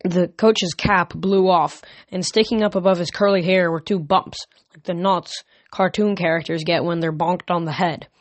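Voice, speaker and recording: A man reading a novel aloud as an amateur audiobook, steady with small slips. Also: high voice, moderate pace, dry recording. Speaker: reader.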